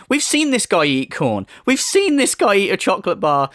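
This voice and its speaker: Over video clips, a man gives profane, sarcastic commentary, laughing and mocking throughout. This YouTuber's voice is high, sing-song, and a bit bright at a moderate pace, recorded dry with clean studio sound.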